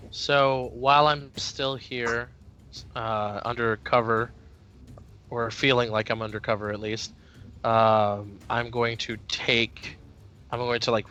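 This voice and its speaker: Bright-voiced hesitant man playing a game. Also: medium pitch, clear, resonant tone. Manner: hesitant, thinks aloud with many fillers. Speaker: player. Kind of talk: casual tabletop game play.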